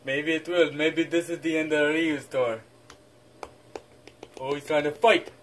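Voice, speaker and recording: Dude doing a goofy whiny ogre guy, kinda high voice, faint hiss behind. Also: steady tone, measured pace, a bit bright. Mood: mock grim. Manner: goofy, whiny, repeats "donkey". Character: goofy male ogre, messy and dramatic. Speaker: comedy skit performer. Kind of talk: amateur comedy skit.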